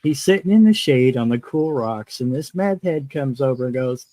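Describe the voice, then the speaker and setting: A host man with a mid-pitched, mellow voice chats and chuckles his way through anecdotes. The sound is dry and close, with no room. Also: lively intonation, normal speed, hardly any pauses, no echo, poor audio. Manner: chuckling storyteller. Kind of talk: casual chat.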